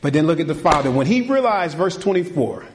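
A man preaching a sermon, folksy and conversational, swinging between loud, high exhortation and quiet, low talk. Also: sing-song, a little fast, a little hiss or hum. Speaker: pastor.

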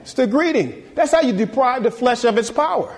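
A male pastor preaching a sermon to his congregation, animated and repetitive, leaning hard on key words. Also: very high-pitched, fairly quick, in a large hall. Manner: animated preaching, repeats phrases, talks to the congregation. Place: church sanctuary.

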